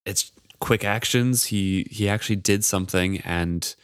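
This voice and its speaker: A man co-hosting a book podcast, talking in a relaxed, thoughtful way. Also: fairly low pitch, measured pace, clear, resonant tone, dry recording, clean studio sound. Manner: relaxed, thoughtful, reads passages aloud. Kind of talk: casual chat.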